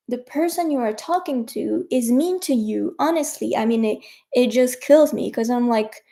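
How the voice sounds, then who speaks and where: Slow, mellow-voiced French-accented woman. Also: sits high. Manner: chatty, encouraging, addresses viewers directly. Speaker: French teacher and coach. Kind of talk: casual livestream teaching.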